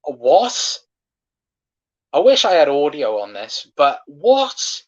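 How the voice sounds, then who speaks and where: A man's voice: on the high side, wildly swooping pitch, slow pace. A man hosting a live football watchalong, passionately ranting and swearing at referee decisions, on a dull lo-fi stream mic. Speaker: fan watchalong host.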